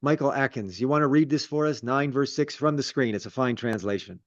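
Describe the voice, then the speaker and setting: Rabbi teaching in a dry, dull recording. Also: male voice, mid-range voice, fairly quick, no room sound. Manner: explains at length, self-deprecating asides, repeats words. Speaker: rabbi leading Torah study. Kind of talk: conversational teaching. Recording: dull lo-fi sound.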